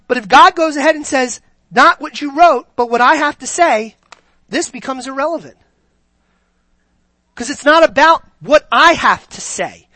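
A man's voice: very high-pitched, pushed and bright, no echo. A man preaching a sermon, emphatic and throwing rhetorical questions at his congregation.

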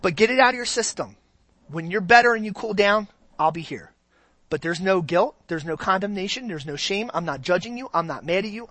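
A preacher giving a sermon in an animated, conversational way, often repeating phrases for emphasis. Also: medium pitch, no room sound.

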